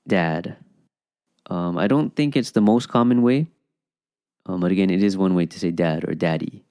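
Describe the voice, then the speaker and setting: Calm low-voiced man teaching a language. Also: clean tone, no echo, clean studio sound. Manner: patient, explanatory, many "okay"s and "um"s. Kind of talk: explaining an Okinawan phrase lesson.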